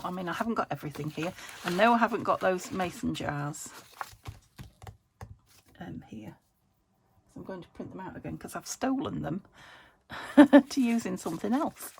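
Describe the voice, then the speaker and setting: A woman's voice: lowish voice, gravelly, a little hiss or hum. A British woman hosting a crafting vlog from her home craft room, chatting as she works, thinking aloud and laughing often. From United Kingdom. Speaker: crafting channel host.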